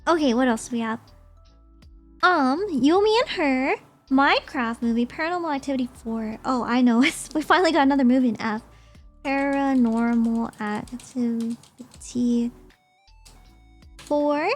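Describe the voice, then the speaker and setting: A woman's voice: high-pitched, lively intonation, brisk, soft background music. A young woman streamer chatting casually and rambling as she ranks movies, often giggling.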